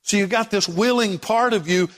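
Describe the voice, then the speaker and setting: A man preaching a sermon as pastor, swinging from loud declarations to hushed passages. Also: sits high, normal speed, in a large hall. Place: church sanctuary.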